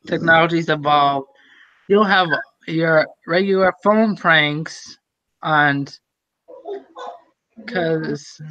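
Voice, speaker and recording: Young man, rambling and halting, lots of fillers, high pitched, muffled lo-fi chat audio. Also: pushed and bright, no echo. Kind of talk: casual group voice chat.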